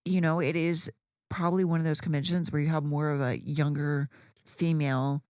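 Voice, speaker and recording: A woman with a low-pitched voice tells a story in casual podcast chat. She is blunt and profane. The sound is dry and close. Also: flat delivery, moderate pace, darkish tone, no room sound. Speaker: podcast co-host.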